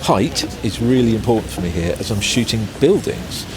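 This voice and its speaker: A man reporting from an outdoor location as a photographer, describing his travel gear in a measured, scripted way. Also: lowish voice, lively intonation. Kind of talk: scripted location piece to camera. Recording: outdoor street noise.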